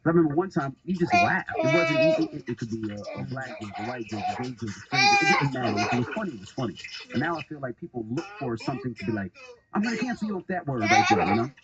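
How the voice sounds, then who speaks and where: Energetic male interviewer, fast excited delivery, animated pitch. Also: lo-fi sound, a loud crowd. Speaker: podcast host. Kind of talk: casual podcast interview.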